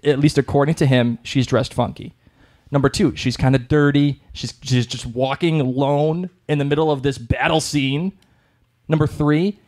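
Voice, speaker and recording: A man co-hosting a podcast in casual chat, excitable and gushing. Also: a little high. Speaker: podcast co-host.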